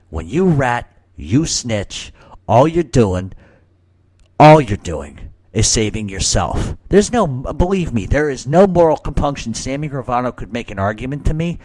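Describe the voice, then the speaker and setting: A man's voice: medium pitch, sing-song, measured pace, darkish tone, dry recording. Male talk host, mid-range voice, heated profane delivery, dry recording. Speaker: mob talk show host. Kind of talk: casual Q&A talk show.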